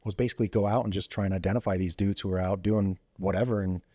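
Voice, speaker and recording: A man who is a former police officer, telling stories as a podcast guest in a quick, animated way full of fillers and restarts. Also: low voice, dry recording. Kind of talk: casual storytelling interview. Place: podcast studio.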